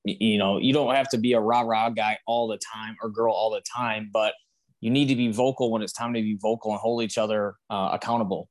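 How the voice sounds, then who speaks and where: A man who coaches young players, chatting on a podcast and acting out the words he says to his players. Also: on the low side. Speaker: high school coach. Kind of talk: casual discussion on leadership.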